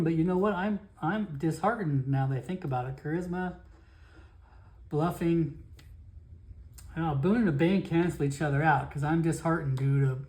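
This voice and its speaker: Solo tabletop game narrator, casual, rambling, self-correcting, middle pitch. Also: warm tone.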